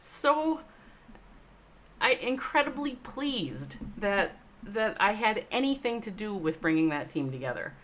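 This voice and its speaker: A woman hosting a live stream, talking straight to chat viewers. She swings between loud, emphatic, swearing bursts and slow, soft reflection. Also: mid-range voice, sing-song. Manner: addresses chat viewers by name. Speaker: livestream host, esports org owner. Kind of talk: emotional livestream monologue.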